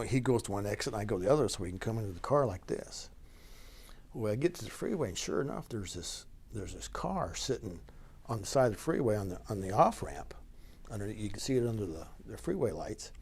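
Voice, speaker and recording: A middle-aged sheriff recounts a story in an easygoing, folksy manner. His voice sits at an ordinary pitch for a man and carries a husky, slightly rough edge, and he breaks into chuckles along the way. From Idaho. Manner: folksy, animated storyteller, laughs between lines. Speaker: county sheriff. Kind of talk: storytelling in an interview.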